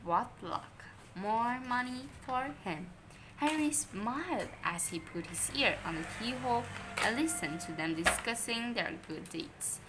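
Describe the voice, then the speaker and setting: A woman reading a children's story aloud in an expressive, unhurried way. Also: fairly high pitch, background noise.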